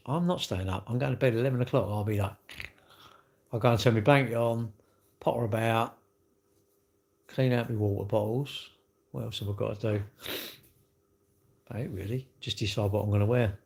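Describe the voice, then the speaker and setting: A man's voice: medium pitch, moderate pace, vocal fry, pauses often. A middle-aged man, chatting casually and cheekily with viewers on a livestream. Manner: chatty, cheeky banter, swearing. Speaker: livestream host. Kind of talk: casual livestream chat reading comments.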